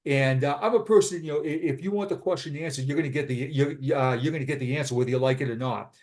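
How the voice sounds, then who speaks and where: A man's voice: medium pitch, fast, a little mellow. A blunt man in his fifties with a Boston accent, telling his story as a retired police sergeant in a casual interview. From Boston, USA. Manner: blunt, frank.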